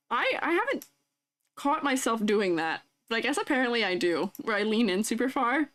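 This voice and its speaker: Giggly young woman streamer, slightly high. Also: sing-song, normal speed, a bit bright. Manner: giggly, playful, reacting to chat and fan art. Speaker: streamer and art teacher. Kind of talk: casual live stream chat.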